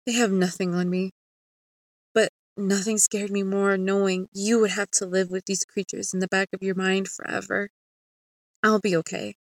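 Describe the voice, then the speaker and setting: A woman voicing the calm, tender spirit of a dead grandfather in a storybook tale, speaking softly and sadly. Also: mid-range voice, moderate pace, no room sound, clean studio sound, natural voice. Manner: soft, sad, reassuring.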